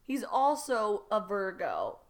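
A woman's voice: medium pitch, wildly swooping pitch, takes it slowly. A woman co-hosting a comedy chat, reacting with exaggerated shock and dry jokes. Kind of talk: comedic banter.

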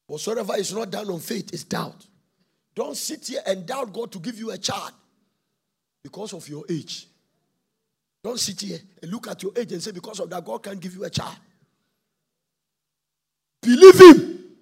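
This is a sermon from an impassioned man whose husky, heavily gravelly voice sits high for a male speaker. He alternates between shouted and sung phrases while keeping a normal speed.

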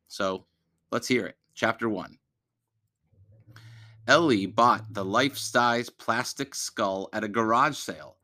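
Male podcast host, low-pitched, bright and forceful, loose and rambling, dry close sound. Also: no echo. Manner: chatty, rambling with many fillers. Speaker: podcast host reading books aloud; teacher. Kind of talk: casual podcast chat.

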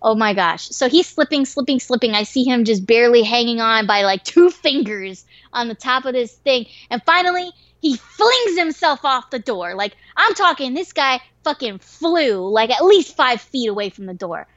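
A woman telling a wild story in casual chat, swearing freely and getting animated and excitable. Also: a little high, normal speed, few pauses, dry recording. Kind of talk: casual story told to a listener. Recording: dry, slightly dull lo-fi recording.

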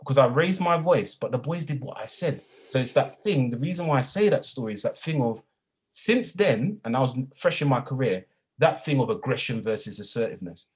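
A man, a guest in an interview, speaking reflectively and growing animated as he retells his own experiences. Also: mid-range voice, brisk, slightly rough. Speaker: guest, educator and former youth worker. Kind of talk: storytelling in a conversational interview.

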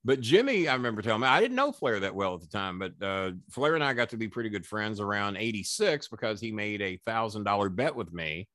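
A man's voice: fairly low pitch, sing-song, fast talker, hardly any pauses, fairly bright tone, no echo, clean studio sound. A man in his sixties, a wrestling manager as guest, telling long rambling anecdotes with profanity and frequent restarts. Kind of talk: casual anecdotal storytelling.

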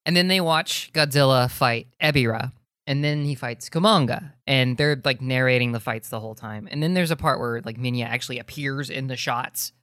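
A woman's voice: extremely low pitch, moderate pace, fairly bright tone, dry recording, clean studio sound. A woman co-hosting a podcast who retells a story casually, with plenty of ums. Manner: easygoing, filler-heavy retelling. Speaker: podcast co-host. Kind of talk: casual plot recap.

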